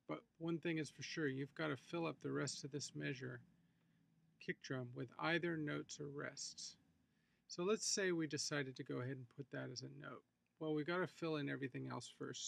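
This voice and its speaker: Gravelly-voiced man teaching a music lesson. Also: fairly high pitch. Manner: relaxed, explanatory, thinking aloud with fillers. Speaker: music instructor. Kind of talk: screencast tutorial walkthrough.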